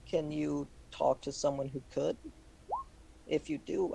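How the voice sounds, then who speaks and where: A man's voice: mid-range voice, flat delivery, moderate pace, gravelly, warm tone, breathy edge, rough recording. A man playing in a tabletop game, coaxing and bargaining, sometimes in broken in-character phrasing.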